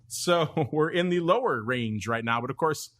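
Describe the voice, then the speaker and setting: A man's voice: a little high, expressive, moderate pace, fairly bright tone. A man hosting a casual finance podcast, upbeat and reading listener questions aloud. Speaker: podcast host.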